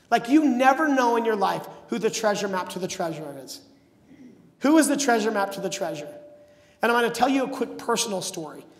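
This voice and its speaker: High-voiced energetic man on a hall stage. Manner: energetic, acts out quoted voices. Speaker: motivational speaker. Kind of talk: live seminar storytelling. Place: large seminar hall. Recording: echoey hall.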